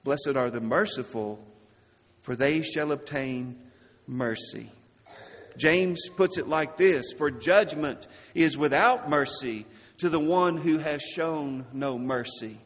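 A man preaching a sermon, slow and deliberate, dropping his voice low and soft on key words. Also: in a large hall.

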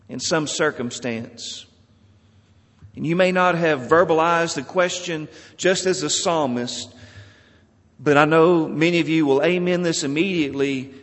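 Slow-preaching man in a reverberant hall. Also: on the high side. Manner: slow, measured preaching with emphatic rises and soft drops. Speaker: pastor. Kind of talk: sermon. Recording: long reverb of a large hall.

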